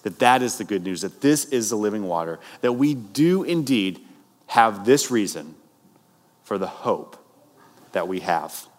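A man's voice: lowish voice, big pitch swings, unhurried. A male pastor preaching a sermon, conversational, with rising emphatic bursts. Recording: long hall reverb.

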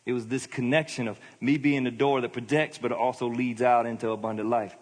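Man, husky voice, middle-aged pastor, emphatic conversational sermon, long hall reverb. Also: mid-range voice, flat delivery, brisk, hardly any pauses. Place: church hall.

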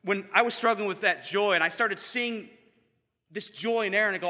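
Animated male storyteller in an echoing hall. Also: high voice, fairly quick. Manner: animated, self-mocking, acts out the people in his stories. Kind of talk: personal storytelling to a live audience. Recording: long reverb in a hall.

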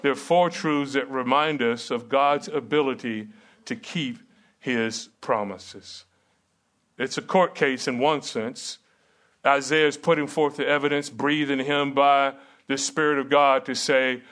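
A man's voice: mid-range voice, steady tone, unhurried, a bit bright. A middle-aged man preaching a sermon and teaching at a seminary, earnest and emphatic with rhetorical questions.

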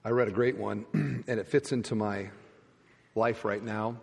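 A male pastor preaching a sermon, his voice rising loud and then dropping to hushed endings. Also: on the low side, level tone, normal speed, creaky, breathy edge. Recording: church hall reverb.

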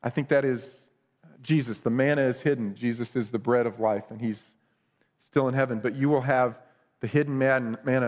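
A man's voice: mid-range voice, in a large hall. A middle-aged male pastor preaching a conversational sermon with self-deprecating humor.

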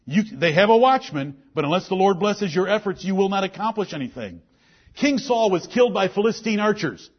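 A man preaching to his church with a husky, high-pitched voice that swoops up and down with great animation. He delivers his sermon emphatically and lends scripture a solemn, old-style ring. The recording sounds dull and lo-fi. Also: lively intonation, a little fast. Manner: emphatic preaching with King James scripture quotes. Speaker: pastor.

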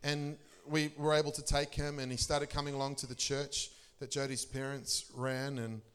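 Animated man preaching a sermon. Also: normal speed, smooth. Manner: animated storyteller, laughing often, pitch leaping for emphasis. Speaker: pastor. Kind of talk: sermon testimony.

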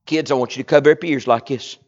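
Male pastor, forties, passionate sermon, loud-to-hushed swings, dull lo-fi sound. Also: medium pitch, fairly even intonation, fast talker. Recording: dull lo-fi recording.

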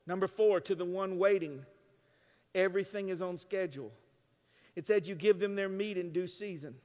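A man preaching a sermon as pastor, swinging between hushed and loud lines with joking asides. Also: sits high, normal speed. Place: church sanctuary. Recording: long reverb of a large church.

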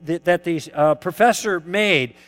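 A man's voice: high-pitched, measured pace, fairly bright tone, soft background music. A man giving a lecture, telling stories of past conversations and putting questions to his audience. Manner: acts out both sides of past dialogues, poses questions to the audience. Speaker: lecturer teaching conversation tactics. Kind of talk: lecture told through personal anecdotes.

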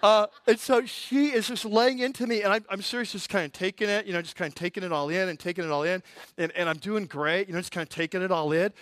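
A male pastor with a high-pitched voice preaches a sermon as lively, comic storytelling, talking fast and leaning into the punchlines with animated energy. His voice sounds close and dry, without any echo.

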